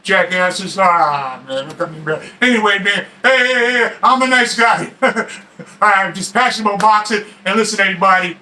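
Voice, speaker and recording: Fiery high-voiced man ranting about boxing. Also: expressive, normal speed, slight background noise, rough recording. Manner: fiery, shouting, stammering restarts; streetwise slang. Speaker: boxing expert. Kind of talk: ranting boxing talk to camera.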